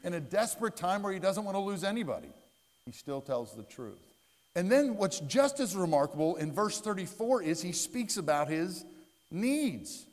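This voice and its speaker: A man preaching a sermon as pastor. He speaks earnestly and swings between loud, dramatic lines and hushed ones. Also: high-pitched, very animated, normal speed. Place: church sanctuary. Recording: long church-hall reverb.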